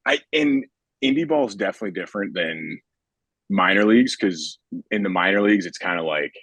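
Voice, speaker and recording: A young man, a baseball pitcher, chatting casually on a podcast in a relaxed, rambling way with lots of filler words. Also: brisk, no room sound.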